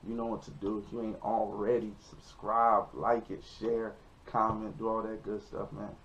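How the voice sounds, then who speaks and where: A young man in his twenties, a comedian telling a story in a casual vlog, animated and jumping into high yelps when he quotes people. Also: normal speed, a little hiss or hum. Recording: dull lo-fi recording.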